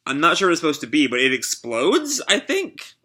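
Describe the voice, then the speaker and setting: Young male YouTuber, bright tone, casual live reaction narration. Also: a little high, wildly swooping pitch, fairly quick. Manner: casual, filler-heavy narration. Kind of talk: live reading and reaction to a manga.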